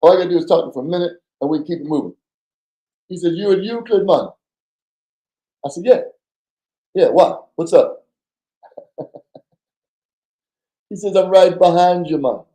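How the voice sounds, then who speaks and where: Animated storytelling man, dark voice, roomy sound. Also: fairly high pitch. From New Jersey. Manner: animated storyteller, acts out quoted voices, stammers and repeats words. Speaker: podcast guest, former undercover FBI agent. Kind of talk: casual storytelling.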